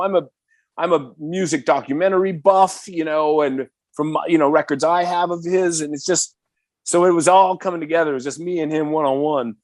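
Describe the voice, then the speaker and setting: Animated man from the Bay Area. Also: fairly high pitch, no room sound, studio quality. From San Francisco Bay Area. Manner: animated, excitable, swears freely, heavy filler words. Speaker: podcast guest, metal singer. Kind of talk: casual storytelling in conversation.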